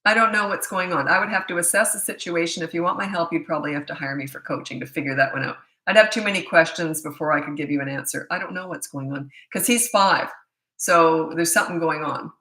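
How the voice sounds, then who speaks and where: A woman's voice: low-pitched, quick pace, bright, forceful tone, echoey room. A middle-aged woman, a parenting coach, answering viewer questions in a chatty, blunt way with self-deprecating asides. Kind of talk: casual live Q&A.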